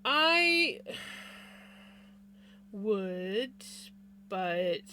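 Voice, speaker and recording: Slow-talking woman streamer, bright tone. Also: mid-range voice, animated, a little hiss or hum. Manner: chatty, yawning, greeting chat by name. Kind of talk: casual chat while crocheting on stream. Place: home room with a fan. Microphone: desk microphone.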